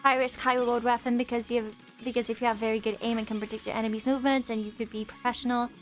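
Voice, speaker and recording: A woman's voice: on the high side, level tone, rapid-fire, soft background music. A woman in her twenties chatting casually on a live stream while she plays, reading chat aloud and laughing often. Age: 20s.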